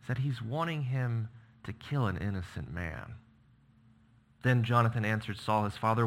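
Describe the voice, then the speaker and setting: A man's voice: lowish voice, normal speed. A man preaching a sermon, reading scripture with emphatic, dramatic delivery. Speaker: pastor.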